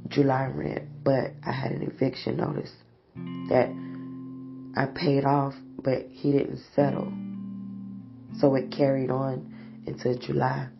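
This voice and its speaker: Woman pouring her heart out on her podcast, slow and tired, gravelly voice, dull lo-fi sound with guitar behind. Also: sits low. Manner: slow, halting and weary. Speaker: podcast host. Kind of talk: personal confessional podcast. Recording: dull lo-fi audio with guitar music.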